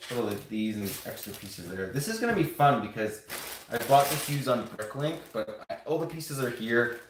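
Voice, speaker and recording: A man's voice: medium pitch, sing-song, moderate pace, a little hiss or hum. A man chatting casually on a live stream, rambling to his viewers as he builds and shows off toy sets. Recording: roomy home room echo.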